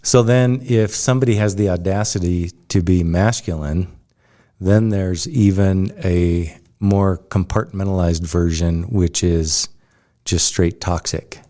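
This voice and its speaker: A man co-hosting a podcast, speaking in a slow, deliberate way and thinking aloud in measured phrases. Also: sits low, fairly even intonation, mellow. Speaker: podcast co-host. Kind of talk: casual chat.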